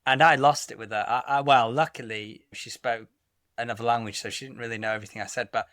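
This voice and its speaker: A man's voice: mid-range voice, steady tone, fast, fairly bright tone, dry recording, clean studio sound. A man co-hosting a podcast, telling stories in a blunt, exasperated way with some swearing. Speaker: podcast co-host. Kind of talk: casual chat.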